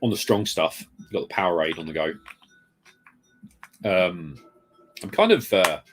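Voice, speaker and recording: Deep-voiced male streamer, casual rambling chat, reads viewer comments, soft music underneath. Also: a little slow. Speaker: live streamer. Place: home room full of retro games. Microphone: desk mic moved close.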